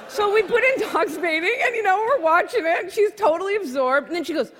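Animated woman doing stand-up on stage. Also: extremely high pitch, quick pace, few pauses. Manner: animated, acts out her daughter's questions. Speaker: stand-up comedian. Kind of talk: stand-up comedy storytelling. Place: stage before a live audience. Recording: live hall with crowd noise.

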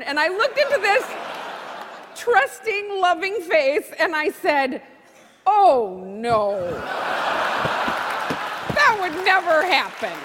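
A middle-aged woman telling a stand-up comedy story before a live audience, acting out a child's questions. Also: very high-pitched. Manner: animated, acts out her daughter's questions. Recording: live hall with crowd noise.

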